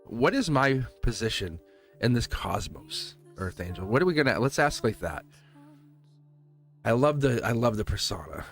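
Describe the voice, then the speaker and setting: A man's voice: mid-range voice, sing-song, moderate pace, soft background music. A man hosting a live tarot stream, chatting casually with viewers, laughing often and firing off rhetorical questions.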